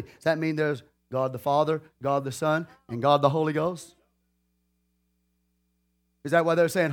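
A man's voice: a little high, unhurried, pauses often. Preacher man calling out to his congregation. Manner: lively preaching, calls out to the congregation. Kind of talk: sermon.

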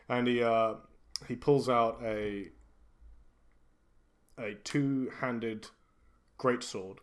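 Guy gm-ing a tabletop game, mid-pitched, slow drawn-out narration, laughs a lot. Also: a bit bright. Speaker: game master.

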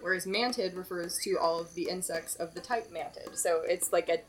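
A woman's voice: fairly low pitch, fairly quick, slight background noise. A woman hosting a podcast, explaining facts in casual chat and laughing often. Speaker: podcast host.

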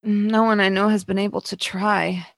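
A woman's voice: mid-range voice, little pitch movement, normal speed, vocal fry, no echo, studio quality, lightly acted. Woman as a weary, frightened villager. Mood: worried. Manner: sighing and hesitant.

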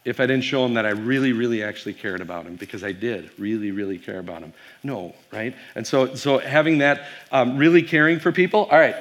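A man's voice: mid-range voice, fairly bright tone. A man, a pastor, giving a casual keynote talk to a youth audience, telling stories with fillers and quizzing the crowd.

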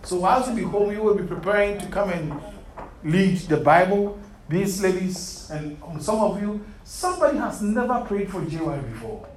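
A man's voice: high voice, animated, normal speed. Earnest male preacher, echoey room. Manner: earnest, quizzes listeners, repeats "beloved". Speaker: Bible study leader. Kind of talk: interactive sermon to a youth group. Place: room set up with chairs. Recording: echoey room, mic far off, faint hum.

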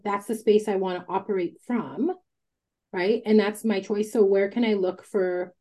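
A woman hosting a candid casual chat, talking emphatically, swearing freely and telling stories in an animated way. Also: mid-range voice. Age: adult with a child. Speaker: podcast host.

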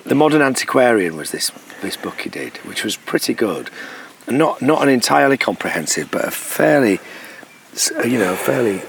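A man's voice: sits low, distant mic, slight background noise. A man in loose, rambling casual chat, teasing and swearing freely.

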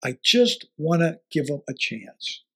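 Telling a story in an interview, this elderly ex-football coach acts out the conversation and keeps chuckling, all in an animated way. His voice is slightly high and husky, and his delivery is a little slow.

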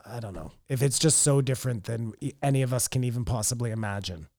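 A man's voice: mid-range voice, fast talker, a little mellow, dry recording, clean studio sound. A man co-hosting a podcast, chatting casually and rambling, often trailing off mid-thought. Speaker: podcast co-host. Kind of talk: casual chat.

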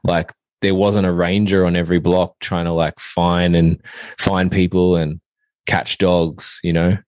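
A man's voice: sits low, little pitch movement, a little slow, a little mellow, no room sound. A man co-hosting a podcast, chatting casually and filling his talk with "like" and "you know". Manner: filler-heavy, laughs easily. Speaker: podcast co-host.

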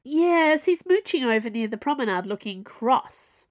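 A woman voicing a chatty, easily startled young woman with a high, excitable voice. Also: measured pace, lo-fi sound.

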